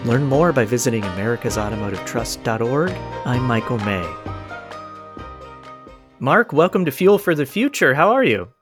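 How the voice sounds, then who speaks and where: A man hosting a podcast, reading a measured scripted intro and then asking friendly, casual questions. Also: medium pitch, big pitch swings, music in the background. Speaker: podcast host. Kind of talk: podcast interview.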